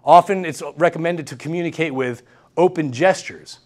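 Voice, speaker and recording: Upbeat man giving a lecture, higher voice. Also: normal speed. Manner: energetic, repeats key points and checks in with "all right?". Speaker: guest lecturer. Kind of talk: university workshop talk. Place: lecture room.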